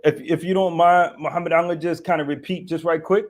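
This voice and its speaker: A man's voice: a little high, fairly even intonation, fast talker. A man hosting an online discussion who rambles, restarts his sentences and banters easily with his guests. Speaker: host.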